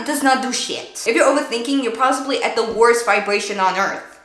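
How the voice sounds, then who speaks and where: A woman streamer giving blunt, profane advice in a casual storytime, often mock-yelling at the voice in her head. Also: on the high side, normal speed. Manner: blunt, profane, animated, mock-yells at her own thoughts. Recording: echoey room.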